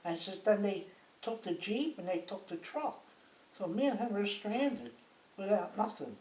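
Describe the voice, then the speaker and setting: A woman's voice: mid-range voice, sing-song, normal speed, darkish tone. An older woman, a grandmother, telling a rambling, chatty story in her living room, often checking in with her listener. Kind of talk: casual storytelling. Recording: hissy, muffled home recording from a distance in an echoey room.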